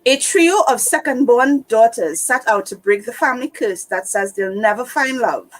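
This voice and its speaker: A woman reading a book blurb aloud for a book club, steady and correcting her slips. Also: on the high side, normal speed, low-quality recording. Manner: reads steadily, fixes slips.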